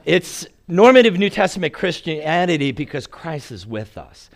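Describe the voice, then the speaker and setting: Older male pastor, animated storyteller with a joking sermon delivery. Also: on the high side, normal speed. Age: 60s.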